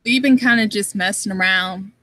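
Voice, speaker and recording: A woman's voice: mid-range voice, normal speed, sharp tone, no echo. A woman guest in a casual chat, joking and playful, heard over a video call.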